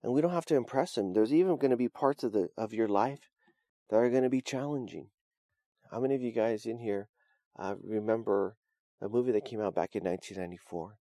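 A man's voice: fairly low pitch, a little fast, mellow, no room sound, studio quality. A man preaching a sermon, telling a story in a conversational way with frequent restarts and fillers. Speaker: pastor.

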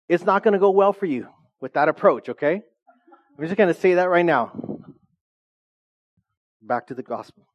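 A man's voice: high-pitched, lively intonation, moderate pace, pauses often, muffled recording. A man preaching a sermon as pastor, reading scripture and slipping in joking asides to the congregation.

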